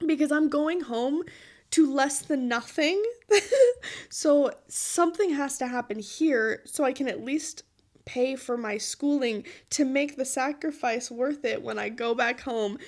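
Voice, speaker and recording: Woman in her late twenties, high voice, unhurried, earnest and pleading, laughs through tears. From Utah. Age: 20s. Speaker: podcast host. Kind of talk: personal monologue.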